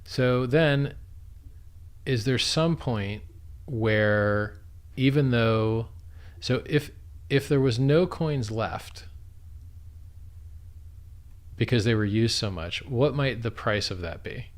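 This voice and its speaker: A man's voice: medium pitch, slow pace. Blunt, profane man chatting on a livestream. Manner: blunt, profane, laughs at absurdity. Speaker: livestream guest and crypto founder. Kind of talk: casual livestream chat.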